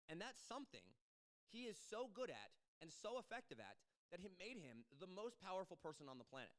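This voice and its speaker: A man's voice: high voice, brisk. A man hosting a show, talking through politics in a casual, emphatic monologue and acting out what others might say. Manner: animated, emphatic, acts out quoted voices. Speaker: podcast host.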